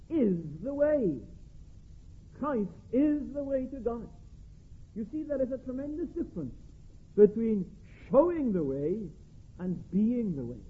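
Husky preacher on a tinny line. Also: male voice, very high voice. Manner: emphatic, stressing single words with long pauses. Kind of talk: sermon. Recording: tinny phone-like band, husky.

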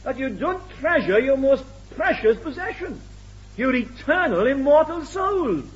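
A man's voice: very high-pitched, big pitch swings, measured pace. A British man preaching a sermon, asking rhetorical questions and acting out the voices he quotes. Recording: dull lo-fi tape recording.

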